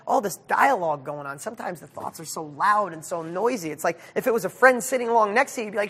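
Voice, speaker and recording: A man coaching his audience in a live motivational question-and-answer session. He talks in an energetic, emphatic way, casual and with the odd swear word, from his studio. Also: high-pitched, quick pace, slightly rough. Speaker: success coach hosting a monthly live session.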